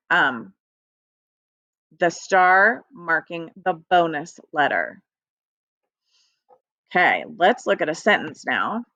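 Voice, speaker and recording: A woman's voice: on the low side, sharp tone, no echo. A woman teacher giving a recorded phonics lesson to young children, upbeat and sing-song.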